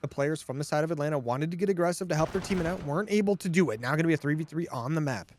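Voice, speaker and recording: A man giving energetic, joking play-by-play as co-caster of a competitive shooter match. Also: a little high, rapid-fire, slight background noise. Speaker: esports co-caster. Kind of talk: excitable play-by-play commentary.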